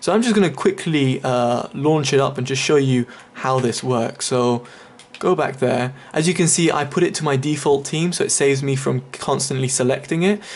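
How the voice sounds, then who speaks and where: A man's voice: mid-range voice, moderate pace, hardly any pauses. A man giving casual, chatty commentary over a game walkthrough, explaining each step with many fillers. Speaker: gaming video creator.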